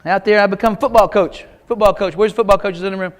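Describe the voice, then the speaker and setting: A man's voice: high voice, fairly even intonation, quick pace. A middle-aged man from Kansas giving a keynote talk, telling folksy jokes and speaking straight to the audience. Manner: folksy, joking, audience-addressing. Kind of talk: motivational keynote storytelling. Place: large auditorium.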